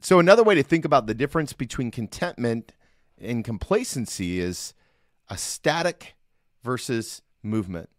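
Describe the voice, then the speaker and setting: In a dry, studio-quality recording, a middle-aged man hosts his solo Christian podcast with a very animated, medium-pitched voice at normal speed. He speaks earnestly and conversationally, frequently checking in with the audience.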